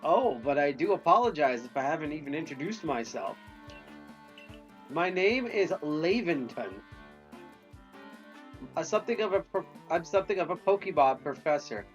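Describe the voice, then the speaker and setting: An eccentric, fussy male Pokemon professor with a formal, theatrical put-on accent and a lively, sing-song pitch, as a streamer reads him out. The audio is a little muffled, with faint game music behind. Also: normal speed, pauses often. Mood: polite.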